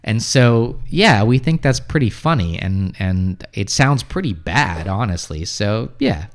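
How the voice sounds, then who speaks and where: Relaxed American man chatting on a livestream. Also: lowish voice, a little slow. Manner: relaxed, reads comments aloud then answers with many fillers and restarts. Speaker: livestream host, English teacher. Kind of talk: casual livestream chat answering viewer comments.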